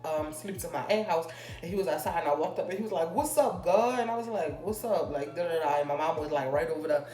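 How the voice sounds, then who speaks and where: In a deep, darkish voice, a young woman vlogs a personal anecdote. The talk is loose and meandering, padded with long fillers, and the echoey room carries faint background music.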